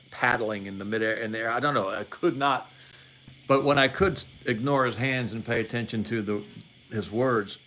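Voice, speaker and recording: A fairly low, slightly bright male voice comes through poor audio with a little hiss or hum. The speaker, a livestream host in his late forties, rambles through casual political commentary, opinionated and sarcastic, often repeating words and starting his sentences over.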